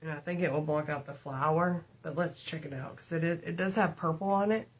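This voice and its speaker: A woman's voice: low voice, fairly quick, husky. A middle-aged woman, telling rambling stories to her livestream viewers while doing her makeup. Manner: chatty, rambling, addresses viewers as y'all. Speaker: livestream host. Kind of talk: casual storytelling and makeup livestream.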